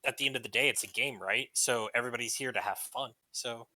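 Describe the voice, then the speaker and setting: Quiet male co-host, offhand delivery, bright tone, dry mic. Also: mid-range voice, fast, dry recording, low-quality recording. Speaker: podcast co-host. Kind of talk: casual panel chat.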